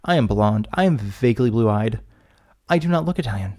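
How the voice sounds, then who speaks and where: A man's voice: on the low side, animated, fairly quick, a little mellow. A man co-hosting a podcast in casual chat, rambling and often breaking off mid-sentence. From United States. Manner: rambling, self-interrupting, chatty. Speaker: podcast co-host.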